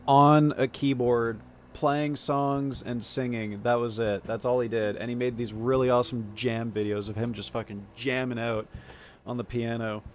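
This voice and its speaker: A man streaming a game, reading its text aloud quickly and joking, swearing and laughing along. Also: mid-range voice, fairly even intonation, faint music behind. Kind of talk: casual gameplay commentary.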